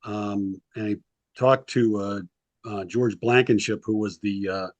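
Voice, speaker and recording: A man's voice: fairly low pitch, steady tone, a little slow, dry recording, dull audio. A man, a sports historian being interviewed, telling long anecdotes casually, with lots of ums and little acted-out quotes. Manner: rambling anecdotes with frequent ums, acts out quotes. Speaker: sports historian and author, guest.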